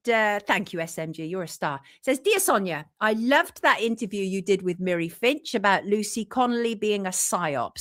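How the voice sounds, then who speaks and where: A woman hosting a casual live show, chatting warmly with her audience and reading out viewer comments in an animated way. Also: a little high, dry recording, clean studio sound. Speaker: journalist and show host.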